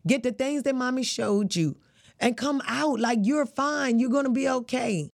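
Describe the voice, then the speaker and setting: A woman's voice: high voice, normal speed, creaky, pitched above the performer's own voice. A woman voicing her older brother, who gives blunt, scolding orders. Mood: stern. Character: stern older teen brother, impatient.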